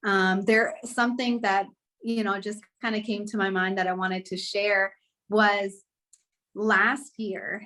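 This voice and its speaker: A woman's voice: medium pitch, fairly bright tone. A young woman telling her personal story in a casual podcast conversation, earnest and rambling, with many "like" fillers. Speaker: guest sharing her story.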